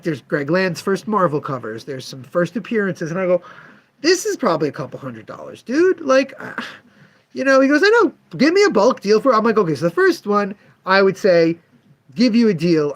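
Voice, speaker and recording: A man with a fairly high voice tells a story from his comic shop in loose, chatty storytelling. His pitch swings widely as he acts out both sides of a haggle with a customer. He speaks straight to viewers he knows. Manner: animated, acts out customer dialogue.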